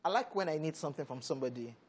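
A woman's voice: low voice, lively intonation, rapid-fire, a little mellow, slightly rough. A young woman with a Nigerian accent co-hosting a talk show, asking questions and often repeating words. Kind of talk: casual chat.

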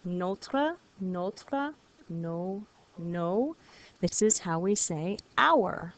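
Woman teacher, video lesson; patient, encouraging, slightly low voice, repeats words for students. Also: expressive, extremely slow, a little hiss or hum. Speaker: French teacher.

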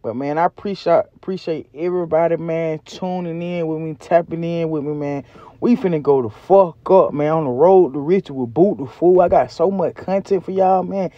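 A man's voice: fairly high pitch, normal speed, no room sound, highs cut off. A man casually ranting on a food vlog outdoors, loose and profane with heavy slang. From Southern United States. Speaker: vlogger. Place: outdoors by a back door.

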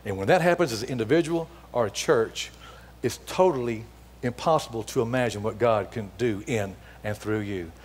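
A middle-aged man giving a storytelling sermon as a guest speaker, acting out the dialogue as he tells it before softening to a hushed appeal. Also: mid-range voice, normal speed, breathy edge. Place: church sanctuary. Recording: long hall reverb in a church.

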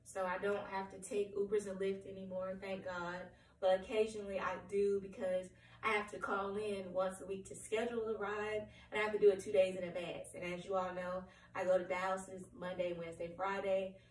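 Hoarse woman, cracking voice, rambling candid update, many ums, roomy echo, distant mic. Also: mid-range voice, little pitch movement, a little fast, a little hiss or hum. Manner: rambling, apologetic, with frequent ums. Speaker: vlogger. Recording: roomy, distant from the mic, faint room ambience.

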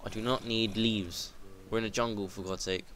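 A man's voice: lowish voice, fairly even intonation, moderate pace, a bit bright, a little hiss or hum. A teenage boy commentating his own gameplay. He swears freely, rambles, and yelps when something startles him. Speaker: gaming video host. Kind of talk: let's play commentary.

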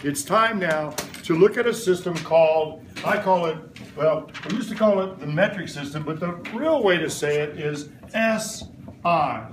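A middle-aged man leads a classroom science lesson, firing playful questions at the class and waiting for them to answer back. His voice sits high for a man. Steady classroom noise hums behind him. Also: moderate pace, echoey room, recorded from a distance. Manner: call-and-response questioning, playful. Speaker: science teacher. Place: elementary school classroom.

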